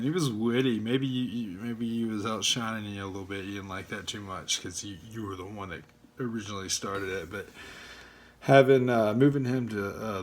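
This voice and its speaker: A man ranting casually in a video blog from home, rambling and halting, with many fillers and swearing. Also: fairly low pitch, a little hiss or hum. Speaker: fan vlogger. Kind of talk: casual rant.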